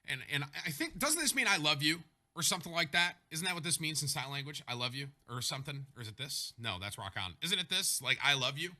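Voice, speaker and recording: A young male streamer telling a childhood story to his chat, loose and rambling, often cutting himself off to start over. His voice is sitting a little high and sounds very bright and forward. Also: quick pace. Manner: rambling, self-interrupting, animated. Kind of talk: casual storytelling to a live chat.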